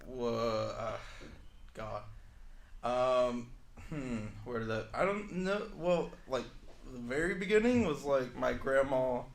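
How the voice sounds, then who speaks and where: A man's voice: mid-range voice, slow, creaky, roomy sound. A man who works as an English teacher, telling a story in a casual interview, saying "like" often. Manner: chatty, heavy use of "like", animated retelling.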